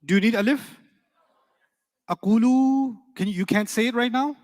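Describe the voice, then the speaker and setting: A man teaching an Arabic grammar class, quizzing his students with quick rhetorical questions in a playful, teasing way. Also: very high voice, a little mellow, big-room sound.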